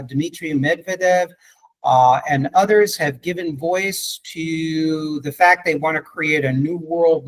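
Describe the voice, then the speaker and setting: Man, podcast host, emphatic and argumentative, somewhat high pitch. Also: low-quality recording. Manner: pushy, emphatic, cuts in with challenges. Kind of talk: debate-style conversation.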